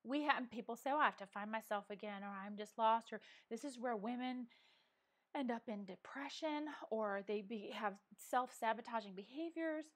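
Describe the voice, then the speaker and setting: A middle-aged woman hosts a casual live coffee chat from home as a vlogger, speaking earnestly with many restarts and ums. She wears a clip-on microphone, and her fairly high voice moves at a normal speed.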